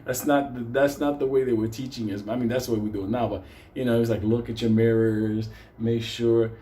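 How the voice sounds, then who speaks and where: A man's voice: mid-range voice, steady tone, fast talker, dark tone, slight background noise. Profane New storyteller man. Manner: profane, laughing, rambling. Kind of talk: casual comic storytelling.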